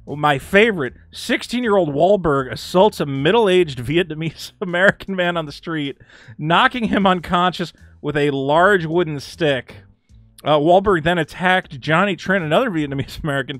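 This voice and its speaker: A man's voice: fairly high pitch, fairly bright tone, no echo. A man from Massachusetts, hosting a sarcastic, ranting commentary vlog. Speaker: commentary host.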